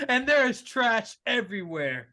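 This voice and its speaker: A man co-hosting a casual wrestling talk show, excitable and gushing, quick to laugh. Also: very high voice. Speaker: co-host.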